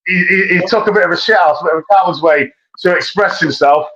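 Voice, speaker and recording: Man, high voice, blunt, swears a lot, slangy, muffled lo-fi mic. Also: quick pace, bright, forceful tone. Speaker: podcast co-host. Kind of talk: casual boxing chat. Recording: dull lo-fi mic.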